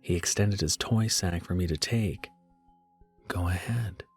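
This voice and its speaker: A man reading a horror story aloud in a measured way, slowing down for dread. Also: low-pitched, breathy edge, faint music behind. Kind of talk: scripted horror narration.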